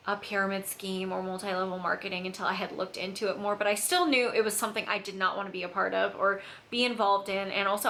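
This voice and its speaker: A woman's voice: medium pitch, bright, forceful tone, slight background noise. A young woman telling a casual storytime to camera, chatty and full of "like". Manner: chatty, filler-heavy, lots of "like". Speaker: vlogger. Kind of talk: storytime vlog.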